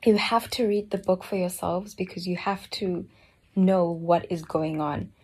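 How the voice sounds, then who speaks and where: A woman giving a slow, earnest personal reflection on a Bible book, often dropping to a soft near-whisper. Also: on the low side, steady tone, breathy edge. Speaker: Bible study speaker.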